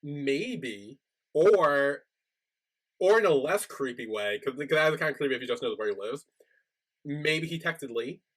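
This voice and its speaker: Animated man recapping a show. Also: a little high, a little slow. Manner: animated storytelling, acts out characters' lines. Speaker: podcast co-host. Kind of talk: casual recap chat.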